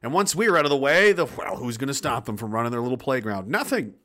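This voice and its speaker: A man's voice: medium pitch, very animated, quick pace, bright, forceful tone. A man hosting a show, reading out chat and ranting with sarcasm, often stopping and restarting. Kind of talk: ranting livestream commentary.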